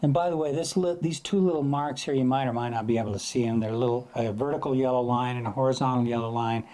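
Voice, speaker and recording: A man with a medium-pitched, mellow voice talks fast as he teaches astrophotography. His casual explanatory lesson is loose and chatty, and he sometimes imitates sounds to make a point.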